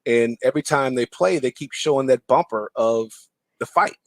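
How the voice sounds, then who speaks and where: A former player turned broadcaster, appearing as a podcast guest, tells basketball stories in casual chat and animatedly acts out what the people in them said. His voice is mid-range, his pace moderate, and there's no room sound.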